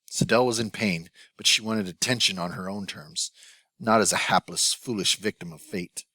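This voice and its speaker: A man reading a novel aloud as an audiobook narrator, in a measured, even scripted narration. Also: lowish voice, dry recording.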